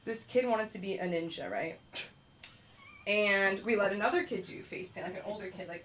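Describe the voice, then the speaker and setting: A woman's voice: medium pitch, moderate pace, a bit bright. A woman doing a rambling stand-up set at an open mic, acting out kids and herself in voices. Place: small comedy club stage. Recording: distant room mic with faint noise.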